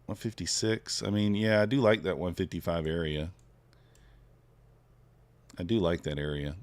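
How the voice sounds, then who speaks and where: Low-voiced laid-back male streamer. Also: steady tone, normal speed. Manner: laid-back, thinking aloud, chatting with viewers. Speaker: futures trader streaming live. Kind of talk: casual live-stream commentary.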